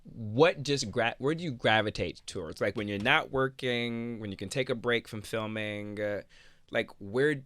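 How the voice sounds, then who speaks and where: A man hosting a radio interview show, talking in an energetic, enthusiastic casual way and laughing often. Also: on the low side, moderate pace, hardly any pauses.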